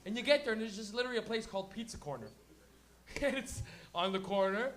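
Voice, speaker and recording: A man's voice: very high voice, fast talker, fairly bright tone. A man hosting a stand-up comedy night, brash and profane, acting out little characters between jokes. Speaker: comedy show host. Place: comedy club stage.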